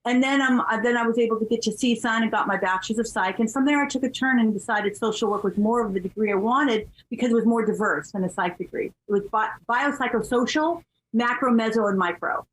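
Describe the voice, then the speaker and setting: Lively, chatty woman in her fifties. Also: fairly high pitch, quick pace, poor audio. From California. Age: 50s. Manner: animated and chatty, laughs through her stories. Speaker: podcast guest. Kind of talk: candid conversational storytelling.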